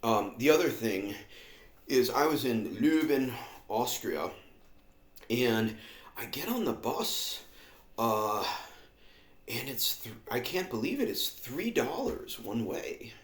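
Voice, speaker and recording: A man's voice: medium pitch, very animated, takes it slowly, long pauses, reverberant. A man vlogging in a rambling, sardonic monologue full of fillers and asides. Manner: sardonic, filler-heavy, meandering.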